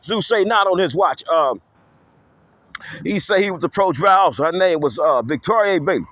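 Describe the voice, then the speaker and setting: A man with a high, swooping voice rants in a loose, improvised monologue. His tone is bright and edgy, and he keeps circling back to repeated call-outs. He speaks of himself in the third person, preacher-style. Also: animated, moderate pace, no room sound. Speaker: self-styled local activist vlogger.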